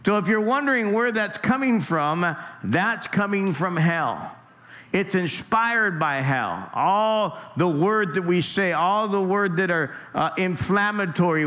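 A man's voice: high voice, a bit bright. A man preaching a sermon as pastor, talking in a loose, conversational way with frequent restarts and "man" tossed in. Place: church sanctuary.

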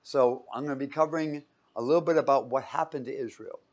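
A man's voice: medium pitch, fast, darkish tone. A man from Los Angeles, giving a casual, joking sermon full of stories. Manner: chatty, joking storyteller. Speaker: preacher.

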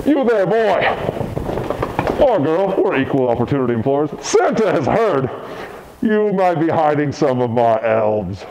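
A man's voice: a little high, sing-song, a little slow, a little mellow, a little hiss or hum, low-quality recording. A man playing a lazy, scheming old Santa Claus who talks about himself in the third person, hammy and jokey. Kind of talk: comedic costumed role-play.

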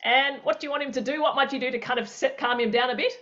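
A woman leads an online workshop, acting out scenarios with playful sound effects and an animated, lively delivery. Her voice sits a little high. The audio is dull and lo-fi, like a video call. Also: fast talker. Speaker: presenter. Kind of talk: interactive workshop teaching.

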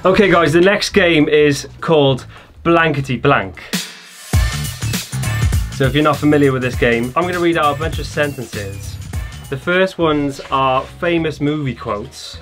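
A man's voice: a little high, a little slow, over music. A man hosting a casual online game show, reading out questions with a playful, jokey manner.

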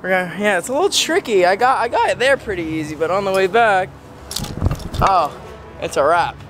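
A young man narrating a casual vlog outdoors, lively and excitable. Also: sits high, a little fast. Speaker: vlog regular. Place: outdoors in trees. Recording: outdoor noise behind.

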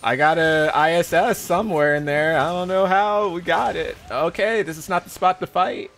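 A young man streaming a live video game playthrough, excitable and laughing often, his voice leaping up into high squeals. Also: moderate pace. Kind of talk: live gameplay commentary.

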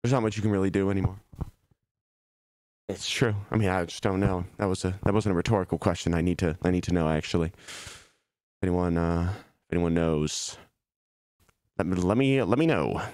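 A male streamer in his office, perched on a beanbag, chats casually while putting on a jokey, self-pitying melancholy, interrupted by laughs. He speaks fast in a low, darkish voice, with no echo.

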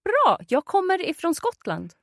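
A Swedish woman with a Swedish accent teaching her native language, encouraging the learner and saying words clearly for him to copy. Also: very high voice, huge pitch swings, moderate pace, no echo, studio quality. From Sweden. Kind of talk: conversational language lesson.

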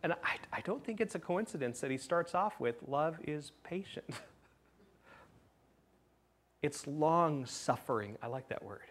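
A man preaching as a pastor in a church, lively and animated, moving from loud emphatic questions to quiet, intimate asides and playful jokes. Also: a little high, measured pace, pauses often, slightly rough. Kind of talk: sermon. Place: church sanctuary.

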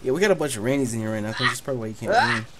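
A man hosting a live co-op game stream, loud and excitable, who swears freely. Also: mid-range voice, rapid-fire, a loud crowd. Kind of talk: excited gaming chat.

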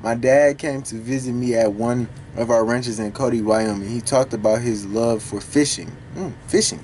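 A man recording casual reaction commentary for a video, talking back to the song in an animated, profane way. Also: medium pitch, normal speed, slight background noise. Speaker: music reaction YouTuber.

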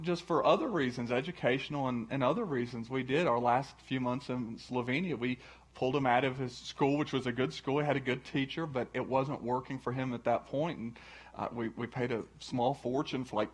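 A man with a husky, mid-pitched voice talks to a church gathering in a halting way. He stumbles through repeated words and fillers as he gathers his thoughts. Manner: halting, many restarts and fillers. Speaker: church speaker, husband of the previous speaker. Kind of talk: casual talk before a sermon.

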